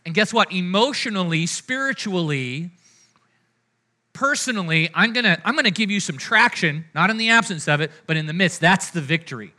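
A man preaching a sermon in a casual, conversational way, often checking in with the congregation and moving between loud, energetic lines and hushed ones. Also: sits high, normal speed. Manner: conversational preaching, frequent "right?" and "amen?" asides to the congregation. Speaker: pastor.

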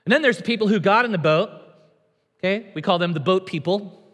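A man's voice: high voice, brisk, fairly bright tone. A male pastor preaching a sermon in a church, emphatic and conversational, acting out quotes. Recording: long hall reverb.

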